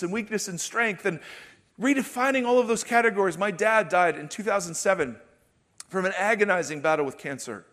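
A middle-aged man preaching a sermon, swinging from loud, emphatic declarations to hushed, intimate storytelling. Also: high-pitched, fairly quick. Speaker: pastor.

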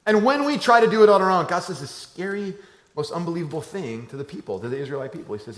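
A man preaching a sermon as a pastor, telling a family story and moving between hushed, low lines and loud, animated ones. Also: fast talker. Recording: echoey room.

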